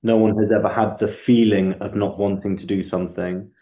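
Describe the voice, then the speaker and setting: A man's voice: fairly low pitch, fairly even intonation, a little fast, dark tone, echoey room. A man hosting a book club video call, reflective and casual, often repeating words as he starts a thought.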